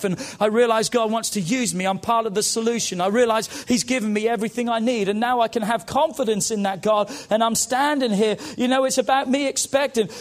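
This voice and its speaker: A man preaching an impassioned sermon as pastor, rising and falling with call-outs to the congregation. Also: high voice.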